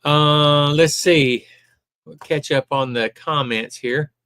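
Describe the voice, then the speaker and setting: An older man hosting a casual live stream, talking haltingly with lots of ums and uhs. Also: a little high, fairly even intonation, a bit bright, clean tone, dry recording, studio quality.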